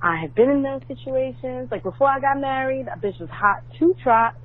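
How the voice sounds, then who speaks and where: A woman's voice: high voice, fairly quick. Brash New woman on a voicemail. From New York. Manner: brash, profane storytelling. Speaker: caller. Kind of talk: voicemail message. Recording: tinny phone line, faint hum.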